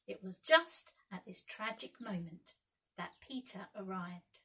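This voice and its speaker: A woman teacher reading a children's storybook aloud with lively expression. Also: mid-range voice, takes it slowly, husky, poor audio.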